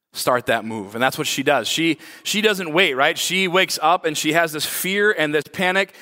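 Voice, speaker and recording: A man in his thirties preaching a sermon, telling stories with lively, acted-out shouts. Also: fairly high pitch. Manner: animated storytelling, acts out his own shouts. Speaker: pastor. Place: church hall. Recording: long hall reverb.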